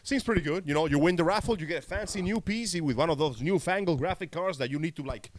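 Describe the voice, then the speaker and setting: A man's voice: fairly high pitch, quick pace, a little hiss or hum. A man co-hosting a live geek-news chat, blunt and sarcastic, swearing freely. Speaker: podcast co-host. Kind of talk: casual live-stream chat.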